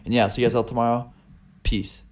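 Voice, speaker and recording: Young male vlogger, mid-pitched, swearing freely in a casual storytelling chat. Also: flat delivery, fast talker, darkish tone. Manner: casual and profane, with a lot of filler words.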